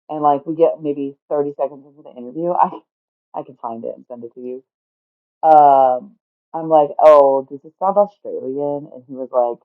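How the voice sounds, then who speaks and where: A woman livestreaming in casual chat, rambling and swearing freely, getting loud and exasperated. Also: sits low, no echo. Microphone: streaming mic. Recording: tinny phone-like dry sound.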